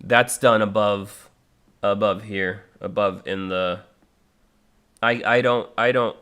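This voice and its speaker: A man's voice: lowish voice, steady tone, takes it slowly, a bit bright, clear, resonant tone. A man in his thirties chatting on a live stream, rambling with many fillers and restarts, now and then breaking into harsh vocal demonstrations. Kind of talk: casual live-stream chat.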